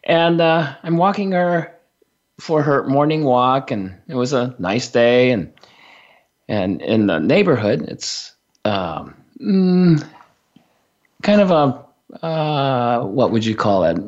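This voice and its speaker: Male storyteller, slow and halting, fillers and restarts, dull radio sound. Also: mid-range voice, animated. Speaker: radio show guest teacher. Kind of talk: storytelling on a talk radio show.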